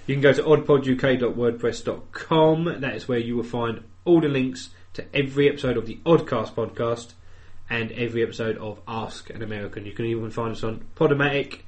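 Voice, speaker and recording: A man's voice: mid-range voice, a little fast, darkish tone. A young man from England with a London-tinged Essex accent, co-hosting a podcast in casual, jokey banter full of swearing. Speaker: podcast co-host.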